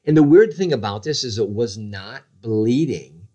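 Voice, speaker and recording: A man in his forties in casual conversation, telling a story about his own injuries in an animated, self-deprecating way and acting out the voices of others. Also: medium pitch, normal speed, muffled recording.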